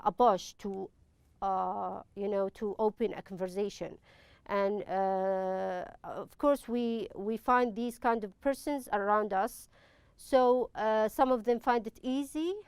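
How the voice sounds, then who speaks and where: Slow, patient woman teacher. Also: a little high, smooth, dry recording. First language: Arabic. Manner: patient, step-by-step explaining with frequent pauses. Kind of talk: online classroom lesson.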